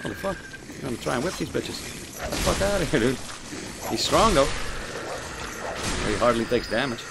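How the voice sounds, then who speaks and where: A young man streaming a video game, swearing, joking and reacting loudly as he plays and reads the chat. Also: medium pitch, lively intonation, normal speed, vocal fry, very noisy. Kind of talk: casual gaming stream commentary.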